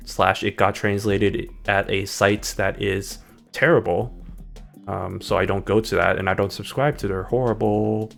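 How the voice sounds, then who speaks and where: A man's voice: lowish voice, creaky. A man streaming a game, chatting in a hyper, rambling way that jumps between topics. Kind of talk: casual gaming stream chat.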